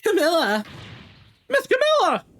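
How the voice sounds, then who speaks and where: A streamer voicing a small, loyal, eager male dog in a video game, speaking in an excited, earnest way. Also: very high voice, measured pace, voice pushed up, exaggerated voice.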